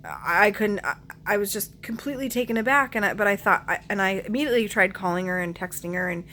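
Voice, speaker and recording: Speaking to camera, a woman in her forties tells her family's story earnestly and emotionally, often pausing to find words and clearing her throat now and then. Her mid-range voice is bright and forceful with lively intonation, over slight background noise.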